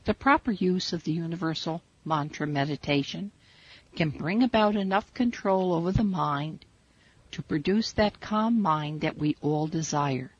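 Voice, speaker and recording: A woman teaching a spiritual meditation, guiding listeners in slow, measured, soothing instructions. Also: deep voice, slightly rough. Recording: dull lo-fi recording.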